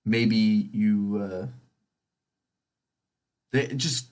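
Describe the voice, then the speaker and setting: A man's voice: medium pitch, slow, long pauses, fairly bright tone. A young man hosting a casual solo podcast, rambling and swearing freely as he drifts between tangents. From California. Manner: rambling, profane, goes off on tangents. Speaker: podcast host.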